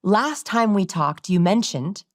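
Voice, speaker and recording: A woman's voice: mid-range voice, expressive, unhurried, no room sound, clean studio sound. A woman guest on a podcast interview, explaining ideas and acting out example voices. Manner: demonstrative, acts out example voices. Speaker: guest expert.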